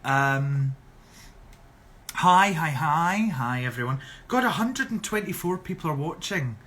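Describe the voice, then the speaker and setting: This young Scottish man's voice is a little high, fairly bright and expressive, moving at a moderate pace. A drag performer, he reads viewer questions on a casual live stream and answers them chattily and sarcastically.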